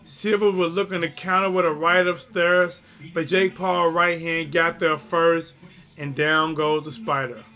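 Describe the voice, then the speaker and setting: A man giving casual live stream commentary on a fight, talking straight to his viewers. He gets excited easily and fills his talk with fillers and restarts. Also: a little high, measured pace.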